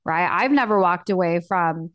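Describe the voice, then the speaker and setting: A woman's voice: lowish voice, moderate pace, no echo. Young woman podcaster chatting away, upbeat, lots of likes and you knows, close dry mic. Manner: chatty, upbeat, lots of fillers and acted-out quotes. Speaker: podcast host. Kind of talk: casual solo podcast talk.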